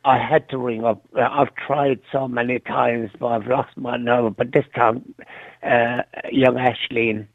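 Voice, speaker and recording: Older Irish man, gravelly, on a tinny phone line. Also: flat delivery, unhurried, no room sound. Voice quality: squeaky, breathy from asthma. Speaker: caller. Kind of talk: phone-in chat.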